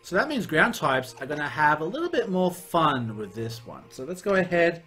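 A young man giving gameplay commentary as a let's play host, excitable and profane, often yelling at the game. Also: fairly high pitch, moderate pace, breathy edge, soft background music.

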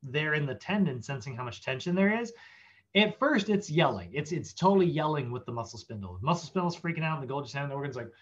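A man giving a casual fitness class lecture, chatty and animated, acting out body parts in silly voices. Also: fairly high pitch, fast, muffled recording. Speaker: fitness instructor.

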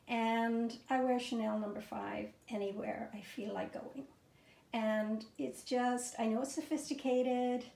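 A woman's voice: fairly high pitch, steady tone, unhurried, vocal fry, a little mellow, roomy sound. A middle-aged woman showing outfits and perfumes in a home vlog, gushing and enthusiastic, with plenty of fillers. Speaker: fashion and fragrance vlogger. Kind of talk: casual show-and-tell vlog. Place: bedroom at home.

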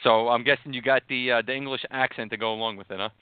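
Fast-talking upbeat radio host man. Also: mid-range voice, steady tone, clean tone, no echo, phone-quality sound. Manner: upbeat, says "man" often. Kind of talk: radio interview. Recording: dry, band-limited radio sound.

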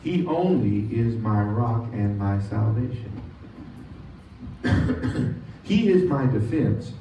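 A man's voice: lowish voice, expressive, warm tone. Pastor guy preaching w call and response, big echoey sanctuary, a bit of hiss. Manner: call-and-response preaching, slow drawn-out emphasis. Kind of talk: sermon. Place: church sanctuary. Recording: distant echoey church sound with dull lo-fi audio and faint noise.

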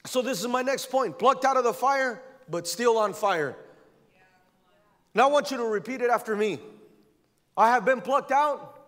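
A man's voice: very high-pitched, expressive, moderate pace, long pauses, a bit bright. A male pastor preaching a fervent sermon in a church, driving his points home by repeating phrases. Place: church sanctuary. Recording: long church hall reverb.

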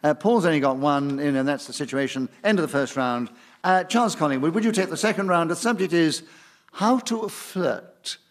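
A man's voice: a little high, animated, fast talker. A man chairing a radio panel game in a studio with an audience, ruling on challenges in a jovial way and calling players darling.

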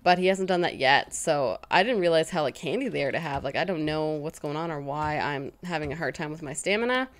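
A woman hosting a casual let's-play, chatty and self-mocking, quickly startled into yelps. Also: sits low. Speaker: gaming channel host.

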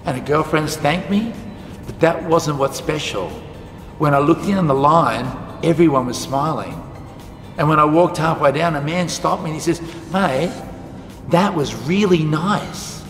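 A man with a slightly high voice, speaking at a moderate pace, tells students a story during a lesson. He acts out each line of dialogue with animation, and the recording carries the echo of a hall with faint music playing.

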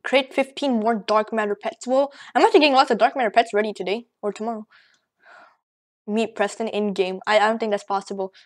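A woman rambling excitedly through casual gameplay commentary, out of breath and joking as she goes. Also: fairly high pitch, fairly quick. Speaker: gaming channel host. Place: at home at a computer.

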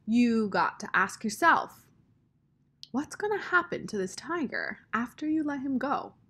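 A woman's voice: a little high, big pitch swings, a little slow, a bit bright, breathy edge, pitched above the performer's own voice, heavily acted. A woman voicing a plainspoken older woman who talks in folksy dialect and sets others straight firmly. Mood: stern. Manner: folksy dialect, firm and matter-of-fact.

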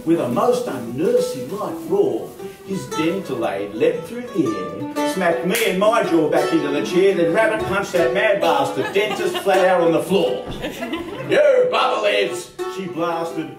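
An Australian man performing a comic bush poem live in a hall, theatrical and lively, with chuckling asides. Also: on the high side, measured pace. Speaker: folk club performer. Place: large hall, live concert. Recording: echoey hall, from far off, music.

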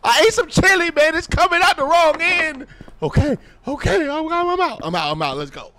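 A man hosting a horror gaming video, joking loudly and often shouting with excitement. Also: extremely high pitch, moderate pace. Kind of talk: horror game commentary.

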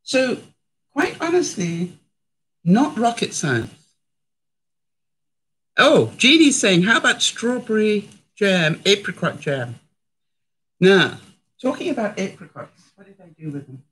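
Taking it slowly with long pauses, a middle-aged woman from Canada uses a sing-song, medium-pitched, slightly bright voice as she cooks live in her home kitchen. She chats with viewers and laughs often in this casual demo. The recording is low quality.

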